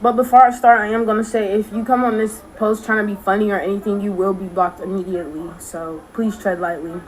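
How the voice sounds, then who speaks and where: A woman's voice: medium pitch, steady tone, a little fast, slight background noise, low-quality recording. A young woman telling a storytime to her phone camera, blunt, profane and exasperated. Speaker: storytime creator.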